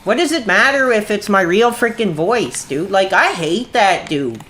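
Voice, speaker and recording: A man in his thirties chatting on a gaming livestream, irritable and quick to anger, saying "dude" all the time. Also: high-pitched, lively intonation, sharp tone, a little hiss or hum. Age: 30s. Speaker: streamer. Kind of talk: casual gaming livestream chat.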